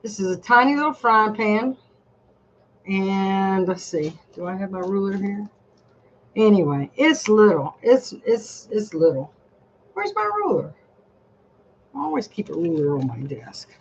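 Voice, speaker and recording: An older woman chats unhurriedly at her home desk, reviewing products for her viewers in a rambling, homey way. Her voice sits mid-pitch, recorded through a dull, muffled camera mic. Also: expressive, unhurried, a little hiss or hum. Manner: chatty and rambling, talks straight to viewers. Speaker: vlogger.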